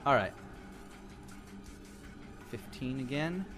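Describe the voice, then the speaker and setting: A man running a tabletop role-playing game as dungeon master, narrating scenes in a relaxed, descriptive way with playful sound-effect noises. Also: mid-range voice, slow pace, faint music behind.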